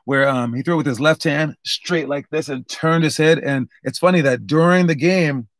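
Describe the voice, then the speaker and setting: A man's voice: fairly high pitch, moderate pace, dry recording. Young man, basketball coach, casual drill talk, upbeat rambling, dry close sound. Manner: rambling, upbeat, many fillers and restarts.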